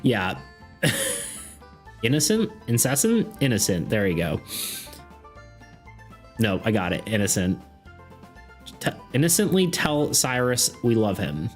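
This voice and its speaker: A man's voice: medium pitch, sing-song, slow pace, pauses often. Giggly game-master man narrating. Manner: giggly, self-deprecating, loose narration. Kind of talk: narrating a tabletop game on stream. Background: faint background music.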